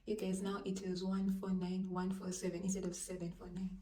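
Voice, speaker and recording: A woman tells a storytime to her viewers, animated and dramatic, holding a phone that sits a little away from her mouth. The room around her rings with echo, and a faint hiss runs underneath. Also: on the low side, fairly quick, distant mic. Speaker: vlogger telling a story. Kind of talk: casual storytime vlog. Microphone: handheld phone. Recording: roomy echo, voice off-mic, faint background noise.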